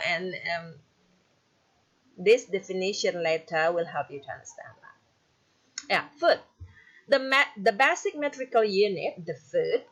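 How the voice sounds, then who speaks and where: A woman's voice: fairly low pitch, a bit bright, lo-fi sound. A woman teacher with an Indonesian accent, whose first language is Indonesian, explaining poetry patiently and tagging her sentences with "yeah". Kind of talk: recorded lecture on poetry.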